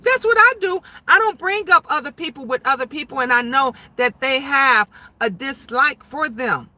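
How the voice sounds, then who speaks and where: A woman in her fifties talking loudly and emphatically on a casual livestream, chatting and answering viewer comments. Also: sits high, moderate pace, no room sound. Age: 50s. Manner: loud, emphatic talker who gets louder when emotional.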